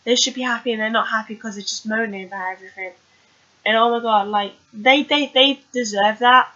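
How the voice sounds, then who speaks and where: Bright-voiced woman rambling a recap. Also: on the high side, fairly quick. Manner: chatty, rambling, many fillers. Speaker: TV recap vlogger. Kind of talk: casual recap chat. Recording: dull lo-fi recording.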